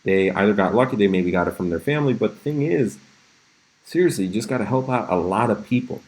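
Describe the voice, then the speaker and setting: A man's voice: fairly low pitch, animated, fast, a little mellow, rough recording. A man hosting a casual livestream, chatting, reacting to memes and answering viewers' questions with frequent laughs. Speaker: crypto livestream host. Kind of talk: casual livestream commentary reading chat.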